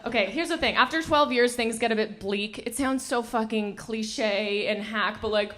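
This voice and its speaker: Comedian in her thirties, high voice and punchy delivery, noisy live-room sound. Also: fairly bright tone. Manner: quick, punchy, laughs at her own jokes. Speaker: stand-up comedian. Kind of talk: stand-up comedy set. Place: comedy club stage. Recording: noisy live club recording.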